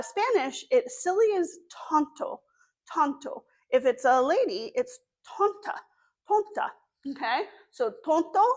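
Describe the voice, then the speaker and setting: A woman children's librarian hosts an online story time, giving cheerful, step-by-step instructions to small children. Her voice sits high.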